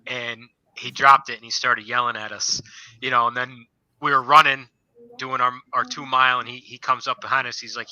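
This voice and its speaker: A man with a very bright, forceful voice, recorded close and completely dry with no room sound. He shares old army stories as a guest on a casual podcast. His telling rambles, looping back on itself with filler phrases. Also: mid-range voice, fairly even intonation, normal speed, no room sound, highs cut off. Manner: rambling storyteller, leans on "you know". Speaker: guest, former soldier.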